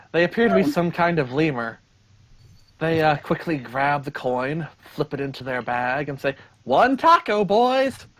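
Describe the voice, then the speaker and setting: Easygoing man narrating a tabletop game. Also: mid-range voice. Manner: relaxed, with frequent "uh" pauses. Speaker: game master.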